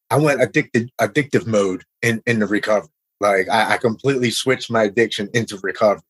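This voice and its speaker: Man, lowish husky voice, casual earnest storytelling, halting delivery. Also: a bit bright, low-quality recording. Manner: earnest, halting, repeats words when emotional.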